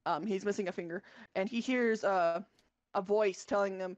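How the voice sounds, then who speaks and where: A woman's voice: mid-range voice, normal speed, no room sound. A woman co-hosting a podcast, casually retelling a book's plot with many fillers and self-corrections. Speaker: podcast co-host.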